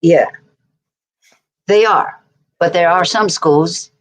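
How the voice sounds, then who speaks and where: A woman from England with an English accent talks casually on a livestream. Her voice sits fairly low, and she rambles along with frequent laughter. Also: slow. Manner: chatty and rambling, laughing often.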